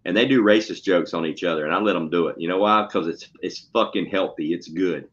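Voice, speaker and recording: A man's voice: low voice, a little fast, a bit bright. A man, a schoolteacher, telling stories in casual, profane, blunt chat. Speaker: podcast co-host, schoolteacher. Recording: dull lo-fi audio with faint noise.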